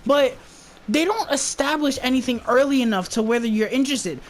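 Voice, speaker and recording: A woman with a high-sitting voice gives a casual movie review that turns into an exasperated rant. She rambles and swears throughout. There's a little hiss or hum on the recording.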